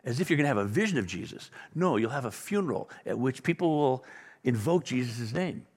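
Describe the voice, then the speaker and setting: A middle-aged man preaching a sermon, acting out the dialogue with sudden loud bursts and soft drops. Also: medium pitch, expressive, a little fast, husky. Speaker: pastor.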